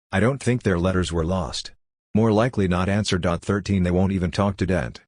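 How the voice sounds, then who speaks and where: A man giving an audiobook reading of letters in a steady, even tone. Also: deep voice, dry recording, studio quality. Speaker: reader.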